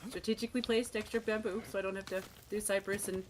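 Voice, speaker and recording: A woman's voice: mid-range voice, steady tone, fast, slight background noise. A woman streaming a video game, chatting casually and joking with friends. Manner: joking, chatty, laughs often. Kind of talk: casual chat while gaming.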